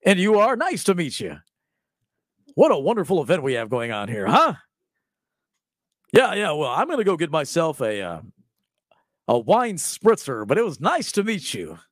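Brief: a man doing a high, stammering, overly chipper society gent at a party, in a dry room. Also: wildly swooping pitch, dry recording. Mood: chipper, flustered. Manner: quick, stammering small talk. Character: awkward chipper upper-crust man at a party.

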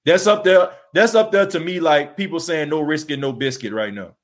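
A male sports podcast host, tired after an overnight shift, delivers a fired-up solo rant full of emphatic rhetorical questions and casual slang. His voice is a little high and moves at normal speed.

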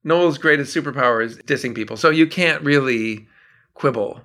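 A middle-aged songwriter from Minnesota, chatting as an interview guest and telling animated stories. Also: male voice, medium pitch, moderate pace. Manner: animated storyteller, acts out quotes. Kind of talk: casual interview chat.

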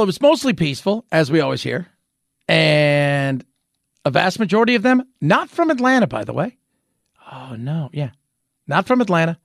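A man's voice: fairly high pitch, creaky, no echo, studio quality. A man hosting an opinionated news commentary, sarcastic and full of rhetorical questions. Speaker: commentary show host.

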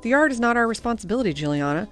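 A woman voicing a tired, hardworking father who speaks in a measured, sighing way. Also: a little high, big pitch swings, fairly bright tone, soft background music, voice pushed up. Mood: weary. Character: tired hardworking father, gentle but firm.

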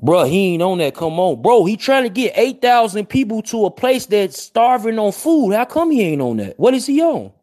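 Brief: high-pitched male streamer, heated and slangy, hammering rhetorical questions. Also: big pitch swings, normal speed, hardly any pauses, a little mellow. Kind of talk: heated casual commentary.

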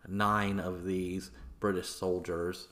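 A man's voice: sits low, little pitch movement, slow pace, fairly bright tone. A man hosting a history podcast, retelling events in a loose, profane, conversational way. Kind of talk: casual history narration.

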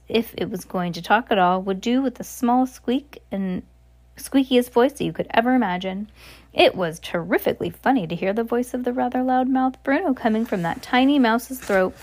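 A woman's voice: fairly high pitch, animated, moderate pace, darkish tone. A woman reading a children's novel aloud in a plain, unpolished way, with small slips and restarts. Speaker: reader.

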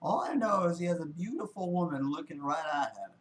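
A man's voice: fairly high pitch, animated, fairly quick, rough recording. A man casually reacting to a music video, laid-back and wry, often repeating words as he thinks aloud.

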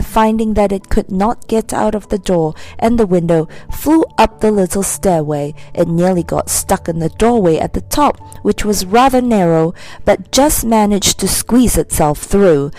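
A woman narrating a children's storybook in an expressive, animated reading. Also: mid-range voice, measured pace, faint music behind. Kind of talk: scripted narration.

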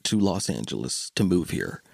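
A man co-hosting a podcast, telling a story in wry, animated casual chat. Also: low-pitched, normal speed, vocal fry, husky, dry recording. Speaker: podcast co-host.

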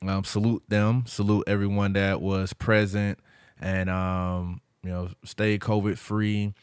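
Man, podcast host, lowish voice, casual storytelling, dry close mic. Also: takes it slowly, clear, resonant tone, no echo. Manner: animated retelling, acts out quoted voices.

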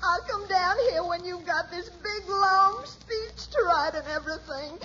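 A woman's voice: very high-pitched, sing-song, takes it slowly, fairly bright tone, slight background noise, heavily acted. An actress playing a sweet, tearful young woman who is crying, in 1940s radio acting style on a dull old recording.

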